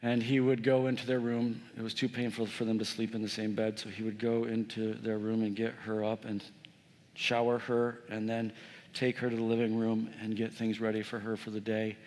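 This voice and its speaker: A man preaching a sermon, telling a personal story with lively, self-mocking humor and talking straight to the congregation. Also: fairly low pitch, normal speed. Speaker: pastor. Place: church sanctuary. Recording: long church reverb.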